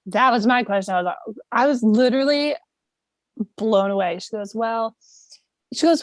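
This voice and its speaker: Lively high-voiced woman telling a story. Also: normal speed, pauses often, dry recording. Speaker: podcast co-host. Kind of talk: casual podcast chat.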